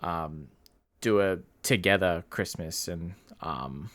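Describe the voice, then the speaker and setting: A man's voice: low voice, slow, fairly bright tone, no echo. A man co-hosting a podcast, recapping a film in loose casual talk full of fillers. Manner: rambling, lots of fillers and laughs. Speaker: podcast co-host. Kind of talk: casual movie review chat.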